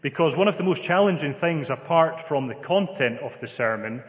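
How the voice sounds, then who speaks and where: A Scottish man preaching a sermon and reading scripture in a measured, gently humorous way. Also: on the high side, lively intonation. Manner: measured, gentle humour, reads scripture aloud. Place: church hall. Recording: phone-like sound in a long-reverb hall.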